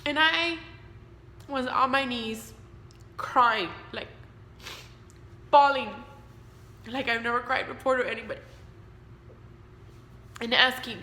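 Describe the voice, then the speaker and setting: A woman's voice: on the high side, slow pace, long pauses, bright, forceful tone. A woman in her thirties telling a personal story in a casual, candid way, sometimes with profanity, acting out the voices of people she quotes. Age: 30s. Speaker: vlogger sharing her cancer story. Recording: echoey room with faint hiss.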